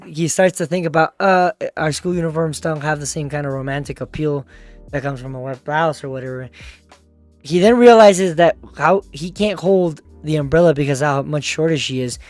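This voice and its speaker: A man telling a manga story off the cuff, rambling and slangy, chuckling as he goes. His voice sits a little high for a man, and faint music plays underneath. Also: darkish tone. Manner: rambling, casual, laughs often, slangy. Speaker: manga recap host. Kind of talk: casual manga recap narration.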